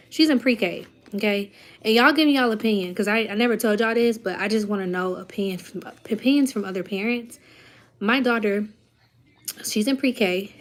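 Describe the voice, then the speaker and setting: A mother vlogging in casual chat, talking straight to her viewers and telling a story with growing heat. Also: medium pitch. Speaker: parent.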